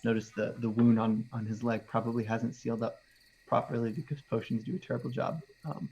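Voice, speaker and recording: A man running a tabletop game as game master, narrating in a relaxed way with rambling asides. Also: mid-range voice, a little fast, a little hiss or hum. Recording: dull lo-fi sound.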